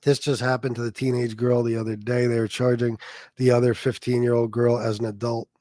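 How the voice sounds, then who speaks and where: A man holds forth on a casual livestream, swearing freely and telling stories in a blunt, streetwise way. His voice sits at an ordinary middle pitch. The sound is dry and close, with no room echo. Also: little pitch movement, fairly quick, mellow. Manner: blunt, profane, storytelling. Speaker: livestream host reading chat.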